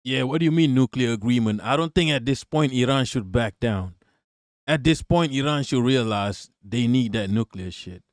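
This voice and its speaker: A man's voice: mid-range voice, normal speed, dry recording, clean studio sound. A man hosting a live stream, reacting to news and talking back to chat in a blunt, profane, joking way, often repeating himself. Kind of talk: casual live-stream commentary.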